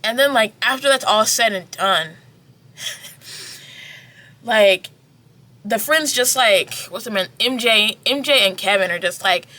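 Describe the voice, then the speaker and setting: A woman's voice: fairly high pitch, slow, pauses often. A young woman vlogger chatting casually through a drama review, acting out scenes, swearing and saying "like" constantly. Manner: animated, acts out scenes, swears, heavy filler "like".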